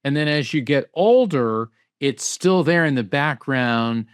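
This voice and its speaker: A man speaking as a guest in an interview, answering emphatically with rhetorical questions and lively anecdotes. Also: medium pitch, unhurried, hardly any pauses, clean tone, no echo, clean studio sound. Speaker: psychic medium and guest.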